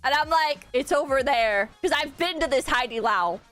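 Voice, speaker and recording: A woman's voice: sits high, expressive, moderate pace, a bit bright, faint music behind. A woman chatting casually on a stream, rambling and self-deprecating, swearing and laughing often.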